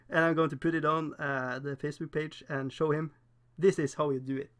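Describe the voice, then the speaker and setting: A man with a Norwegian accent who speaks English as a second language, hosting a casual livestream while painting miniatures, chatty and self-deprecating, laughing often and pausing on fillers. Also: a little high, steady tone, a bit bright. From Norway.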